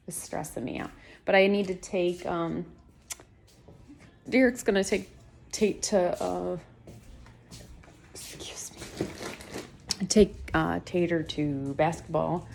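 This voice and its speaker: A woman's voice: deep voice, creaky, darkish tone, slight background noise. A woman in her late thirties talking candidly in a casual home vlog, venting her frustration. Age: late 30s. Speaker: fasting vlogger. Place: at home, in bed.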